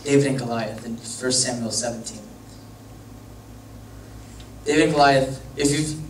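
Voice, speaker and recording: A man's voice: medium pitch, a little slow, long pauses. A young man, a youth pastor, telling a story to a youth group in a casual, joking, rambling way. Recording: echoey room from far off, faint hum.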